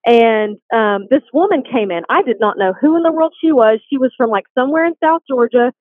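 A woman, a guest telling her faith testimony in an earnest, animated way. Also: a little high, fairly quick, no echo. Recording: dry, tinny phone line.

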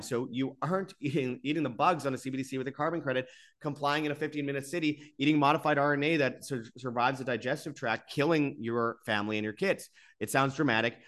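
A medium-pitched man with a slightly bright voice, host of his own alternative media channel, goes on an exasperated, repetitive monologue that keeps building into bursts. Sponsor spots follow.

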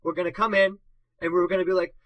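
A man's voice: high-pitched, little pitch movement, racing, no room sound, muffled recording. A young man in his twenties co-hosting a casual podcast, telling rambling stories full of fillers and laughing at his own punchlines. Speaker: podcast co-host. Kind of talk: casual storytelling.

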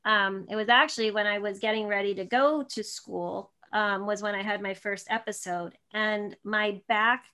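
A woman's voice: medium pitch, steady tone, normal speed, hardly any pauses, bright, forceful tone. A woman in her thirties, a guest in an interview, telling a personal story in a rambling way with many restarts and fillers.

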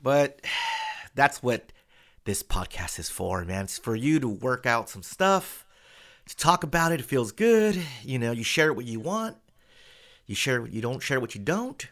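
A man's voice: mid-range voice, a little slow. A young man co-hosting a casual podcast, telling a story with lots of swearing and acted-out quotes. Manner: animated storyteller, swears freely, acts out quotes. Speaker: podcast co-host.

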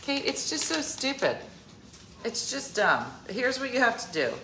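A woman in her fifties rants through a funny story with exasperated, joking energy. Her pitch swoops lively up and down as she tells it. The sound carries a roomy echo. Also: a little slow, background noise. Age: 50s. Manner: animated, exasperated, joking rant. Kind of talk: comic storytelling chat.

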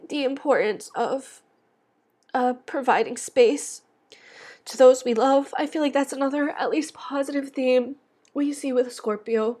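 Young woman podcaster, breathy and a touch high, emotional, rambling monologue. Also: unhurried, darkish tone. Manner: rambling, many fillers and restarts. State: tearful. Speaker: astrology podcast host.

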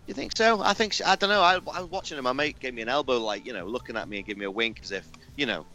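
A man with an English accent chatting casually on a podcast, animated and jumping high when he laughs. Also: racing, hardly any pauses. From Britain. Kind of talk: casual chat.

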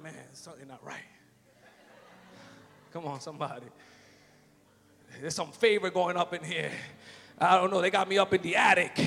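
A man preaching a fervent sermon in a church, shouting and calling out hallelujahs. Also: high-pitched, vocal fry. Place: church sanctuary. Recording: long hall reverb with faint music.

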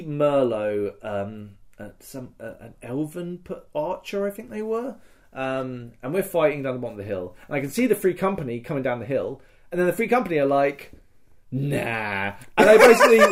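Animated storytelling man, slightly high voice. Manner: animated storytelling, swearing, acting out shouts and laughing. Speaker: podcast host recounting a LARP event. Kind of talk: casual chat.

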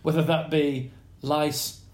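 Speaking slowly and flatly in a fairly high voice, this middle-aged English podcast co-host reads out listener suggestions and chats casually. He clowns with put-on voices and fake French, and the recording has noticeable reverb.

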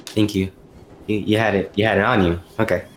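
A man's voice: lowish voice, steady tone, brisk, slight background noise. A young man playing a tabletop game, talking in a casual, playful way. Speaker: player.

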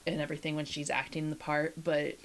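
A woman's voice: low voice, monotone, a little fast, slight background noise. A middle-aged woman hosting a casual podcast chat, asking questions and steering the talk. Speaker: podcast host.

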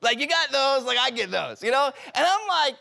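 High-voiced animated preacher man. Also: normal speed, vocal fry. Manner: animated storytelling, acting out text messages and his own reactions; loose, conversational delivery with many filler "like"s. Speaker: pastor. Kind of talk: sermon.

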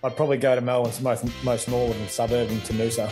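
A man's voice: medium pitch, quick pace, over music. A man in his thirties with an Australian accent, a former footballer chatting casually as an interview guest and calling the host mate. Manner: relaxed, laid-back, says mate often.

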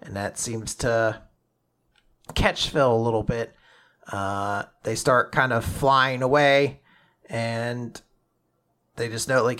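A man's voice: mid-range voice, fairly even intonation, takes it slowly, long pauses, a bit bright. A man with a middle-range voice recaps a story for his podcast co-host in a loose, casual way. He animatedly performs each character's lines as he goes, with the odd casual swear.

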